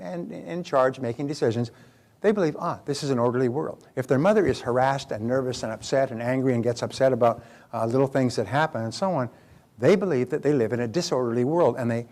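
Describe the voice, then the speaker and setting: A man's voice: medium pitch, a little mellow. Older man giving a motivational talk. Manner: anecdotal storytelling with acted-out quotes; repetitive, emphatic phrasing. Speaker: motivational speaker. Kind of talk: motivational lecture.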